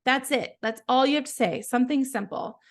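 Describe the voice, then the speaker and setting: A woman founder giving a casual, chatty software walkthrough, encouraging her listeners while often trailing off and restarting her sentences. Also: on the high side, fairly quick. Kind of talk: casual live software tutorial.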